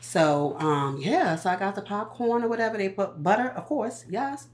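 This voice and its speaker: A woman, chatting in a casual vlog with animated, profane storytelling. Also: medium pitch, moderate pace. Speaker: vlogger. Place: walking around.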